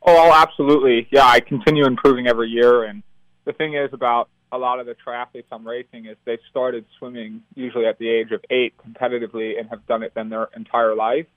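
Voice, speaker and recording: A man's voice: medium pitch, fairly even intonation, a little fast, a bit bright, dry recording. A young American man, a professional triathlete, talking in an upbeat way in a phone-in interview and laughing easily. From United States. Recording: tinny phone line.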